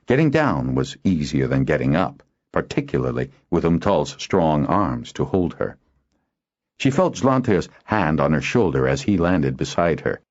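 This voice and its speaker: A man narrating a fantasy audiobook in a measured, expressive storytelling manner. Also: rumbling low. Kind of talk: scripted narration. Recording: dull lo-fi audio.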